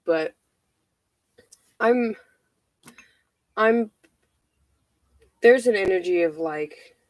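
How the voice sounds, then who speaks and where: A woman giving a casual tarot reading, out of breath, halting and repeating herself with many fillers. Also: deep voice, darkish tone, rough recording. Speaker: tarot reader.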